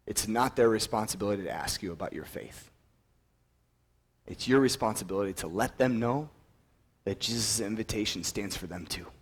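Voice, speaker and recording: A young man preaching a sermon, telling Bible stories with animated, acted-out quotes and dropping to a soft, earnest voice for his appeal. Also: husky. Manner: drops to a soft, earnest low voice when appealing.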